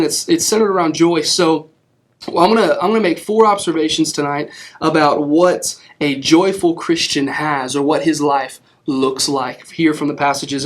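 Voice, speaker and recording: A young man giving a casual sermon, conversational, with frequent restarts and many asides of "right?" to his listeners. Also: a little high. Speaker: youth preacher.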